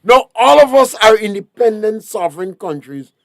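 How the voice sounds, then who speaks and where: A man's voice: high-pitched, lively intonation, normal speed, fairly bright tone, no room sound. A man with a Grenadian accent, a talk show guest, lecturing emphatically with rhetorical questions. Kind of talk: political talk show discussion.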